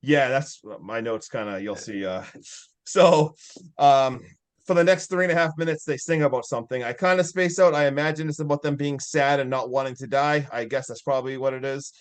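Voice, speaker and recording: A man's voice: mid-range voice, brisk. A man casually recapping a film as a podcast co-host, rambling with fillers and frequent laughs.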